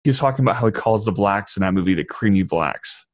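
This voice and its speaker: Laid-back podcast host with a lowish voice. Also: male voice, lively intonation, fast, dry recording, studio quality. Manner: laid-back, conversational, uses filler words. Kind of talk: casual podcast interview.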